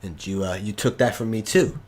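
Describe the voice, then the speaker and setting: A man's voice: fairly low pitch, fairly quick, darkish tone, breathy edge. A man voicing a greedy, scheming male crime boss who swears and rants about lost money. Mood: bitter. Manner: angry then pleading, swearing.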